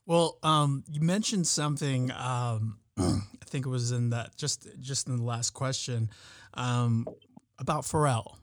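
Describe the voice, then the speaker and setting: A man hosting an interview, asking his guest questions in a relaxed, hesitant way. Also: mid-range voice, unhurried, no room sound, studio quality. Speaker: podcast host. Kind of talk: casual interview.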